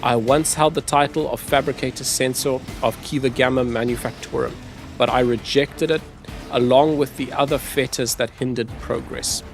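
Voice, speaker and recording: A man voicing a menacing, haughty male renegade tech-priest lord, reading the lines aloud with a gravelly voice. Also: mid-range voice, steady tone, normal speed, soft background music, lightly acted. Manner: threatening, haughty, read aloud.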